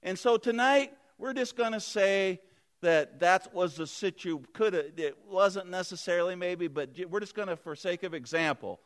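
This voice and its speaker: A man's voice: high voice, normal speed. A man preaching a sermon, retelling a Bible story earnestly and vividly with restarts.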